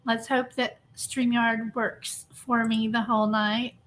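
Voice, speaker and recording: A woman's voice: on the high side, level tone, slow pace, fairly bright tone. Chatty woman streamer greeting viewers. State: emotionally drained. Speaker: true crime livestream host. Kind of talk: casual livestream chat.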